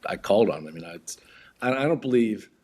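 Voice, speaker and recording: A man's voice: on the low side, animated, fast, a little mellow, husky. A man, a podcast guest, telling a story in a casual way, acting out other people's voices and often repeating his words.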